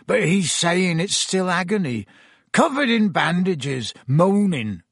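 A man voicing a huge, miserable half-giant gamekeeper who has been drinking, with slurred, slow rustic speech. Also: high voice, sing-song, husky, no echo, clean studio sound, voice pushed up, full character voice.

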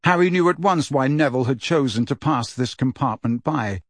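Male audiobook narrator with a steady, measured read and a mid-range voice, recorded dry and close. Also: mid-range voice, dry recording.

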